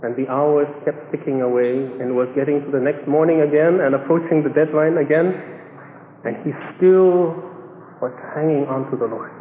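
A man preaching a sermon, telling a story with lively acted-out quotes and chuckles. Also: a little high, moderate pace, slight background noise. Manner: animated storyteller, acts out quoted voices with chuckles. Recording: echoey hall, phone-like band.

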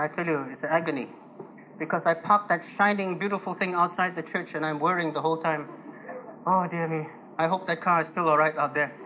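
High-voiced gentle preacher, lo-fi recording. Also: male voice. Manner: gentle, humorous storytelling with chuckles. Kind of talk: conversational sermon with personal stories. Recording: dull lo-fi recording with faint noise.

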